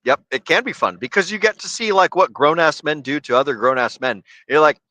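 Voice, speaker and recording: A man's voice: fairly high pitch, lively intonation, a little fast, bright, forceful tone, no room sound, low-quality recording. A man co-hosting a casual podcast, telling loose stories full of fillers and swearing. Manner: profane, loose storytelling with many fillers. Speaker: co-host.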